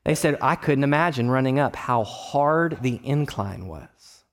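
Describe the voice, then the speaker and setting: A man in his thirties from Texas preaching a sermon, conversational with personal stories, rising to loud emphatic bursts and dropping to quiet low asides. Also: expressive, unhurried. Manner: conversational, with restarts and personal anecdotes. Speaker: pastor.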